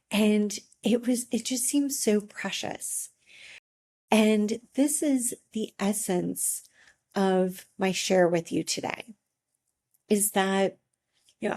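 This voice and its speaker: Slow, mellow-voiced woman life coach. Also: mid-range voice. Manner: slow, gentle and encouraging, with long pauses. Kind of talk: reflective motivational talk.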